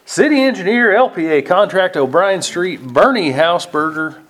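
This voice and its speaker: A man's voice: sits high, animated, moderate pace, fairly bright tone. A man chairing a public board meeting, calling motions and votes and reading agenda items aloud.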